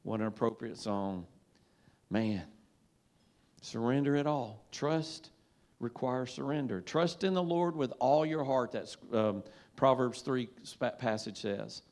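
A male pastor delivering a sermon in a church in a folksy, conversational voice of middle pitch. He talks easily and casually, breaking into call-and-response repetition with his listeners. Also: takes it slowly, darkish tone. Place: church sanctuary.

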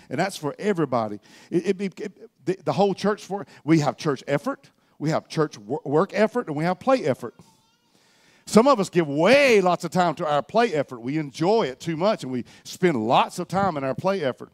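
A middle-aged man preaches to his congregation. His voice sits a little high and swings widely, from rising exhortation down to quiet, reflective asides. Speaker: pastor. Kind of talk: sermon.

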